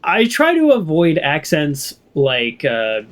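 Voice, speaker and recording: A man's voice: fairly high pitch, huge pitch swings, slow pace, fairly bright tone. Chatty West Coast American guy. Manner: rambling, chatty, lots of fillers and laughs. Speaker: let's play streamer. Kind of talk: casual game commentary.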